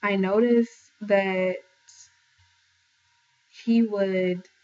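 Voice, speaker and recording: A woman's voice: mid-range voice, steady tone, very slow, a little mellow, dull audio. A young woman earnestly telling a personal story to viewers in a casual way, stopping often to warn them directly. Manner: earnest, advising viewers directly, with many fillers and restarts. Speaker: vlogger sharing a personal testimony.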